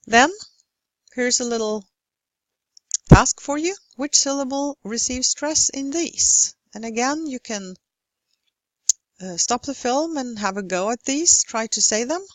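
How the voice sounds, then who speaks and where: Woman, pronunciation teacher, recorded slide lecture, very slow delivery, careful modelling of words, dry close sound. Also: on the high side, expressive, no echo.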